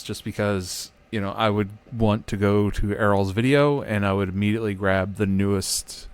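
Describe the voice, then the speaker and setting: Relaxed male co-host, lowish voice, easygoing and precise about details. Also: smooth. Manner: laid-back, reminiscing, corrects details. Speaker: podcast co-host. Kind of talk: casual chat.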